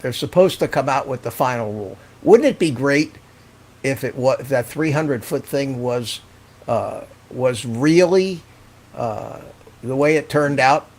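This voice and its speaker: An older man hosting a live stream, chatting casually and rambling, often laughing as he reads out viewer comments. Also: medium pitch.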